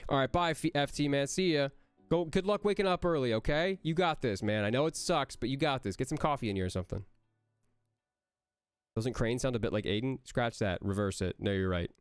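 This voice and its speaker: A man, a voice actor, answering chat questions on a casual livestream in an energetic, rambling way that jumps between jokes and praise. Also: mid-range voice, brisk, smooth, no echo, faint music behind.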